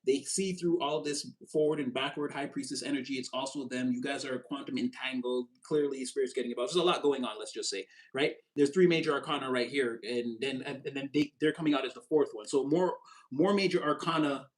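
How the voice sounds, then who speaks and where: A man giving a casual, animated tarot reading, with a slangy spiritual pep-talk manner that jumps up in pitch when he gets excited. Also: fairly quick, poor audio. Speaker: tarot reader.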